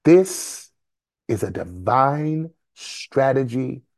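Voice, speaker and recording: A man preaching a fervent sermon to listeners on a conference call, repeating phrases and breaking into sudden shouts. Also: medium pitch, lively intonation, extremely slow, no room sound, studio quality.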